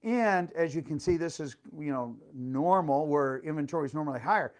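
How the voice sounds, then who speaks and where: A man's voice: on the high side, fairly quick. A middle-aged man working as a real estate agent, telling a story and giving a market update in a chatty, playful way, with lots of fillers and exclamations.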